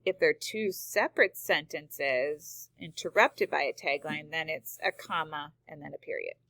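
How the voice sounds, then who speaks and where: A woman's voice: sits low, measured pace, a bit bright, dry recording. A woman teacher explaining punctuation rules step by step, reading example sentences aloud. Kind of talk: screen-recorded grammar lesson.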